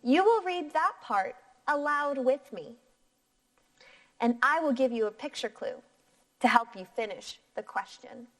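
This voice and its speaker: A woman teacher reading a picture book aloud to young children in a clear, encouraging voice. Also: sits high, animated, fairly bright tone. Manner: slow, clear, encouraging teacher voice with sing-song inflection.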